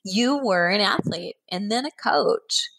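A woman at a mid pitch hosts an interview podcast. She sounds upbeat and encourages her guest as she talks. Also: expressive, unhurried, gravelly, a bit bright, rough recording. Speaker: podcast host. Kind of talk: casual interview hosting.

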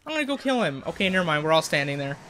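A young man giving jokey, excitable commentary on a game while he plays, his voice cracking now and then. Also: fairly high pitch, very fast. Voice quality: voice keeps cracking. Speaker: gaming YouTuber. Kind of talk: let's play commentary.

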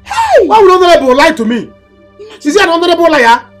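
A man's voice: extremely high pitch, huge pitch swings, fast talker, fairly bright tone, heavily acted. An actor playing an angry man demanding back money he lent, in a film. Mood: indignant. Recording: echoey room with music under.

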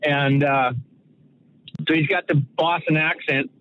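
A man's voice: on the high side, fairly even intonation, takes it slowly. A middle-aged man from Saskatoon, a former hockey player guesting on an interview and telling stories in a rambling way, full of fillers and restarts. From Saskatoon, Canada. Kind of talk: casual storytelling interview. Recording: tinny phone-like line, dry.

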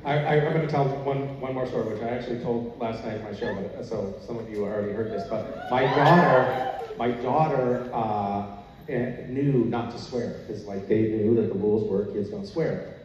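A man's voice: medium pitch, moderate pace, heavy background noise. Man, panelist, amused storytelling, echoey hall, dull distant sound. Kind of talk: anecdotal storytelling. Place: convention hall stage.

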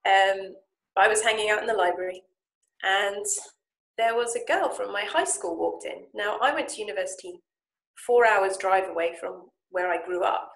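Woman telling a lively story. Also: mid-range voice, moderate pace, creaky. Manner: lively, animated retelling with acted-out quotes. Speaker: Japanese speaking coach and founder. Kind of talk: casual storytelling talk. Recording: echoey room.

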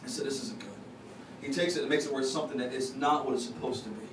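A man's voice: mid-range voice, fairly even intonation, fast talker. A man preaching a conversational, folksy sermon to his congregation, sharing confessions and teasing people in the pews. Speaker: pastor. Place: church sanctuary. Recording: echoey, distant, noisy church recording.

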